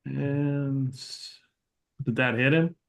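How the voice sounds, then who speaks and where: A man's voice: mid-range voice, fairly even intonation, very slow, gravelly. A man playing a tabletop game, making brief, plain callouts on his turn. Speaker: player.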